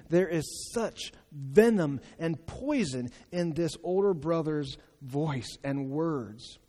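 A man preaching a sermon in an animated, exclaiming way, acting out the voices in his story, in a church hall. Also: a little high. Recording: long reverb of a large hall.

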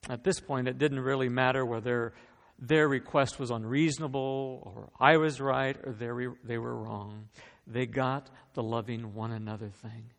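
Male pastor, gravelly voice, earnest storyteller, preaching a sermon in a big echoing hall. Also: medium pitch, fairly even intonation, moderate pace. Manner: earnest, storytelling, repeats words when starting a phrase. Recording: long reverb of a large hall.

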